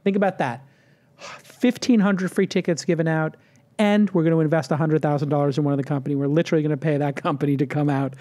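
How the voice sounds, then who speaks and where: A man hosting a casual roundtable, his voice sitting a bit high for a man. He talks in an upbeat, promotional way, mixing plugs with light jokes. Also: fairly even intonation, quick pace, warm tone. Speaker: podcast host.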